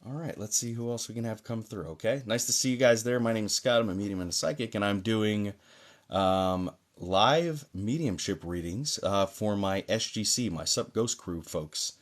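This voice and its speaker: A man with a low-pitched voice hosts a live online mediumship session. He talks in a loose, chatty and reassuring way, thick with fillers, and checks in with viewers as he goes. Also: normal speed. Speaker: psychic medium host. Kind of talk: live-stream mediumship readings. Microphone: phone or desk mic on a live stream.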